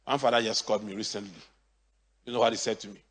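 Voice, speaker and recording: A male pastor preaching a sermon, swinging from quiet asides to shouted, high-pitched exclamations. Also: steady tone, fast, husky. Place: church. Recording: church hall reverb.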